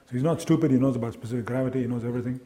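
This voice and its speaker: A man giving a lively academic lecture to a live audience, quizzing the listeners and acting out sounds and quoted voices. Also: mid-range voice, racing. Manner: lively, engaging, asks the audience questions.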